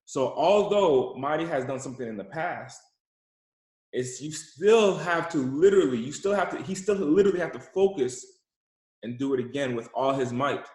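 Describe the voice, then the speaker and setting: A man's voice: medium pitch, animated, normal speed, darkish tone. A young adult man, an entrepreneur, giving a motivational account in an interview, emphatic and repeating words as he builds a point. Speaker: entrepreneur guest. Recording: roomy echo.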